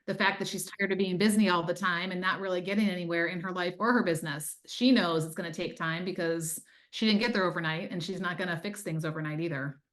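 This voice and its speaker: A woman with a slightly low voice tells her story as an interview guest. She speaks earnestly and conversationally, with plenty of fillers. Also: steady tone, quick pace, few pauses, a bit bright. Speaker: time management coach, guest. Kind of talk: testimonial interview.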